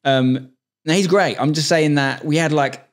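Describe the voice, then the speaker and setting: A young man from England, chatting casually and joking at his own expense while watching clips. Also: a little high. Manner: quick, joking, self-mocking. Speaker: YouTuber host reviewing his own TV acting. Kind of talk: casual chat.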